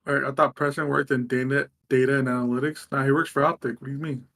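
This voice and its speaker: A man's voice: medium pitch, little pitch movement, quick pace, creaky, fairly bright tone. A young man co-hosting a live podcast, blunt and wisecracking, swearing freely. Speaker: podcast co-host. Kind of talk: casual live stream banter.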